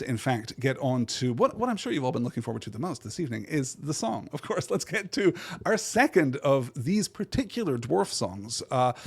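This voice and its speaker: A man's voice: mid-range voice, a little mellow, breathy edge. A man hosting a literary podcast, talking through ideas in a thoughtful, digressive way, often checking in with "right?" and restarting his phrases. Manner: reads verse aloud in measured cadence. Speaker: podcast host.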